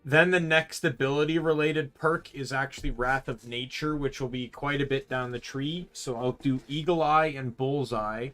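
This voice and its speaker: A man streaming a video game, talking casually at a middle pitch. He rambles and corrects himself mid-thought. Faint game music sits behind his voice. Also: steady tone, normal speed, few pauses, a bit bright. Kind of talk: casual gameplay commentary.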